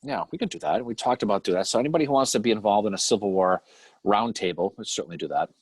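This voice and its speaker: Man, husky voice, lowish pitch, lively swooping delivery, teasing co-host banter. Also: racing, dry recording. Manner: teasing, joking, swears casually. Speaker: podcast co-host. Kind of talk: casual live-stream chat.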